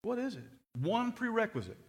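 A man's voice: very high voice, big pitch swings, brisk. A middle-aged man preaching a sermon, telling stories earnestly and often repeating his words.

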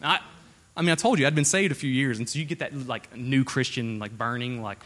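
A man's voice: medium pitch, a little fast, fairly bright tone. A young man preaching an informal sermon, telling a personal story in an earnest, conversational way before reading scripture aloud.

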